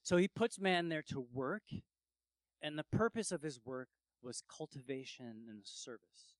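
A man's voice: a little high, animated, measured pace, no echo. A man preaching a sermon, telling stories and acting out quotes with emphatic rises. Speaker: pastor.

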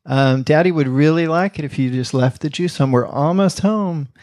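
A man's voice: on the high side, normal speed, a little mellow, no room sound, studio quality, close to an everyday voice. A man voicing a tired young father who speaks patiently but firmly to his small daughter. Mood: weary.

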